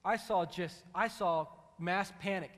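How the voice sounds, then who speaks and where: A man preaching a sermon in a large church hall, telling stories in an animated, conversational way and acting out quotes. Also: high voice, a little slow. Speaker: pastor. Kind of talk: storytelling sermon.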